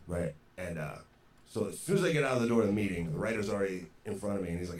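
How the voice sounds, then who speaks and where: Male podcast guest, low voice, casual frank storyteller, roomy echo, slight hiss. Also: lively intonation, rapid-fire, a little mellow. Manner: frank, conversational, frequent "you know". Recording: roomy echoey sound, faint background noise.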